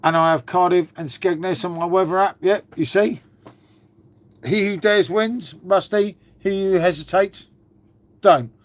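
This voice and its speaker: A man's voice: sits high, measured pace. Chatty man on a livestream. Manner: chatty, swears freely, talks to chat and dog. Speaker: livestream host. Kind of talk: casual live chat with viewers.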